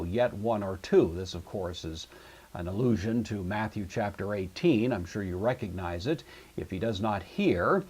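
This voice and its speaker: A man giving a recorded lesson on Greek grammar, working through exercises in a methodical way with many pauses and fillers. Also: lowish voice, a little mellow, husky. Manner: methodical, thinks aloud with frequent fillers. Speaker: Greek teacher.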